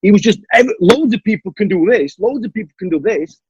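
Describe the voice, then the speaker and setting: A man tells his story fast and animatedly, acting out every exchange. His voice is husky and slightly high. The recording is dry and muffled. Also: no echo. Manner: animated storyteller who acts out the dialogue. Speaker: guest, stuntman and martial artist. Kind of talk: storytelling in a podcast interview. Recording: dull, dry lo-fi audio.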